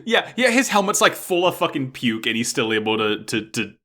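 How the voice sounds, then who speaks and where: A man's voice: medium pitch, a little fast. A man co-hosting a podcast, recapping an anime episode in casual chat and acting out the characters' lines. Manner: animated, acts out characters' lines while recapping. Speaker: podcast co-host.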